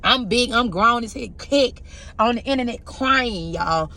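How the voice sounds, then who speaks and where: A woman's voice: on the high side, expressive, unhurried, sharp tone. A woman reading tarot who gives a heartfelt, preachy spiritual pep talk to her viewers, talking about her own hurts and often asking if they get what she is saying. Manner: heartfelt and confessional. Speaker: tarot reader giving spiritual messages.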